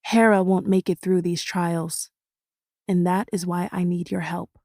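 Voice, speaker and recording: A woman voicing a cold, condescending young man in an audiobook, speaking in a quiet, clipped, low-key way. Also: flat delivery, unhurried, no echo, studio quality. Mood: grim, earnest. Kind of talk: audiobook character voice.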